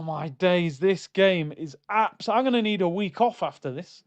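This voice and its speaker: A young man reacting live to a football match on stream, swinging between loud outbursts and low muttering. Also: animated, unhurried, hardly any pauses, highs cut off. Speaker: watchalong streamer.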